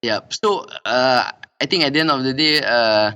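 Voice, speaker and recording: A middle-aged man speaks as an interview guest. His voice is bright and forceful at an ordinary pitch. He pauses often on "uh" and tags his phrases with "and all". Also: clear, resonant tone. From Singapore. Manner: hesitant, many fillers and "and all" tags. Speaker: interview guest, company director. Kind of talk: casual interview conversation.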